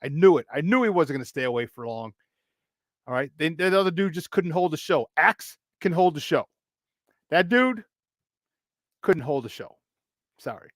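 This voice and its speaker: A high-pitched man hosts a morning sports talk show, full of hype and playful energy. His voice is dry and close, with no room sound around it. He talks loud and plays around with the audience. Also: lively intonation, normal speed, pauses often, no room sound.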